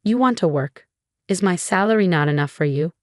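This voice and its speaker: A woman reading the lines of a cold, demanding husband in a flat, even way. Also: fairly low pitch, a little fast, dry recording, studio quality, natural voice. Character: cold controlling husband, adult man.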